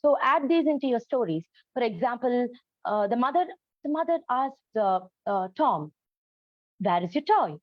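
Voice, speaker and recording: A woman with a high-leaning, animated voice speaks at a moderate pace, earnestly explaining storytelling for autistic children in an educational talk. Many ums and uhs fill her speech. The audio is dull, lo-fi and dry, with no room sound.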